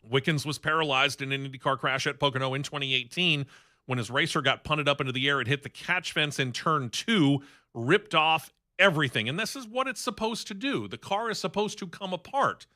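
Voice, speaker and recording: A man's voice: fairly high pitch, lively intonation, fairly quick, pushed and bright. A man hosting a sports talk radio show in a studio, running through racing news in a chatty, opinionated way.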